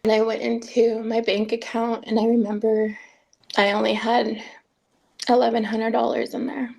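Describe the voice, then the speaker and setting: A woman recounting painful family events as an interviewee in a documentary, speaking earnestly with halting restarts. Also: fairly high pitch, little pitch movement, gravelly, darkish tone. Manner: earnest, halting first-person retelling with restarts. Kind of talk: documentary testimony.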